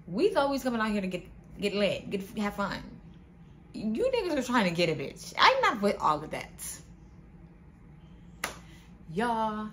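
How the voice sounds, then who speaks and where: A young woman spins a storytime for her viewers, animated and slangy. Her voice sits in a middle pitch, and a faint noise runs under it. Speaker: vlogger. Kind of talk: casual storytime vlog.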